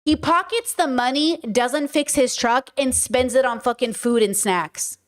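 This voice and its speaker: A woman host chats to her stream audience in a casual, storytelling way. Her voice sits a little high, and her manner is blunt, animated and full of swearing. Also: unhurried.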